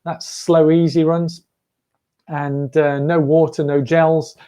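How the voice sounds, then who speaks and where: A man's voice: on the high side, flat delivery, slow, warm tone, clean tone. A man hosting a running livestream, rambling and chatty with frequent laughs. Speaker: running channel host. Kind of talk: casual livestream chat.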